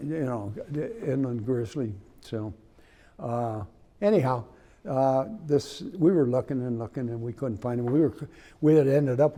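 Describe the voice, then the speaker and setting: Halting, rambling man telling a hunting story. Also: mid-range voice, dark tone. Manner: rambling, halting with many restarts. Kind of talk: casual storytelling. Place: indoors, room with his trophy rug on the wall.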